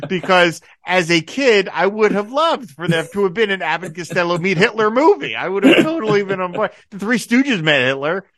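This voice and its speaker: Male podcast host, bright and forceful tone, dry close mic, eager recapper. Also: high voice, moderate pace, few pauses, dry recording. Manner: enthusiastic, quotes dialogue in animated bursts. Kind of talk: casual podcast discussion.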